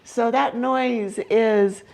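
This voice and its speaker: A woman's voice: a little high, steady tone, drawn-out words, vocal fry, darkish tone. Chatty young woman hosting a livestream. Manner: chatty, giggly, with many "like" fillers. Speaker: owl keeper and channel host. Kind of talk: casual livestream chat.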